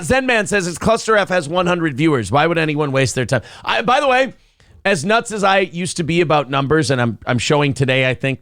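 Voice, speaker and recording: A male morning show host, animated and opinionated, swearing casually while reacting to a clip. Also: a little high, clean tone, no echo, studio quality.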